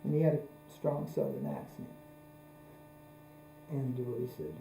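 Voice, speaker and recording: A man gives a religious lecture, telling anecdotes in a measured, repetitive way. His voice is very dark and mellow. The recording is roomy and echoey, with a mains hum underneath. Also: mid-range voice, steady tone, vocal fry. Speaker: spiritual teacher. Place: lecture room.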